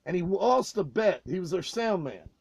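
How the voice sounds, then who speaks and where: A man co-hosting a casual podcast, telling profane backstage stories with loud, animated outbursts. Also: high voice, moderate pace, vocal fry, breathy edge, no echo. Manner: loud, swearing, animated retelling with raised outbursts.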